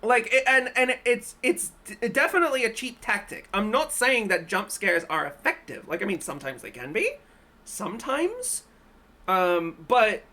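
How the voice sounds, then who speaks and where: A woman streamer giving casual reaction commentary in an animated way, laughing often and ranting in exasperation. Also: mid-range voice, measured pace.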